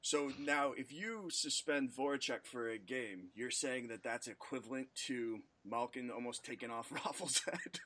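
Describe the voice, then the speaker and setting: A man co-hosting a casual sports podcast, talking in a measured and analytical way. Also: medium pitch, sharp tone. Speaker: podcast co-host.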